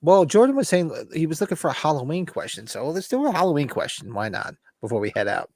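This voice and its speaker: A man hosting a casual live watch-party chat, telling animated stories and acting out bits of dialogue. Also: on the high side, fast, dry recording, clean studio sound. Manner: animated storytelling, acts out voices. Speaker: host.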